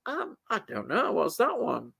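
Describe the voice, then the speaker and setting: A Yorkshire man hosting a relaxed livestream chat, with a high voice. His pitch moves in a lively, animated way. He chuckles often and keeps agreeing with his co-host. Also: vocal fry, slightly rough, no echo, studio quality. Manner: chuckling, agreeable, quick to chime in. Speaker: livestream host reading viewer comments. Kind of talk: casual chat.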